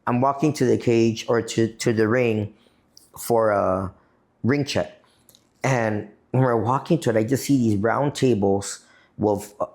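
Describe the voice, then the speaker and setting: A man's voice: medium pitch, a little slow, a little mellow. A man from Guam, a podcast guest, telling a long profane story in a rambling, casual way. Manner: profane, rambling, repeats "you know what I mean".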